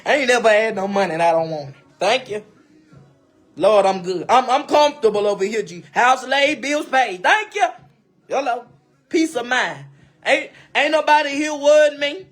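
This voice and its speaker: A woman talks straight into her live stream with a husky, slightly breathy voice, pressing her advice on listeners in repeated, emphatic phrases. She calls her audience baby, and soft music plays faintly behind her. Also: fairly high pitch, moderate pace. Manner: speaks to viewers directly, calls them baby. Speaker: livestreamer. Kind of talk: casual live-stream monologue.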